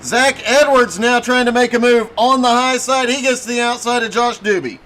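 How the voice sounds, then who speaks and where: High-pitched man calling a race. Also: steady tone, a bit bright. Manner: brisk play-by-play calling. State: losing his voice. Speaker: race commentator. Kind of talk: play-by-play commentary.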